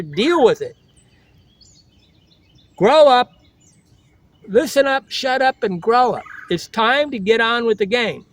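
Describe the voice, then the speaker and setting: An older man talks straight to his vlog audience in a high-pitched voice. His delivery is blunt and preachy, and he keeps circling back to the same catchphrases. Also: fairly bright tone, dry recording. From United States. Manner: blunt, lecturing, repeats slogans. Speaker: travel vlogger. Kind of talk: blunt motivational monologue.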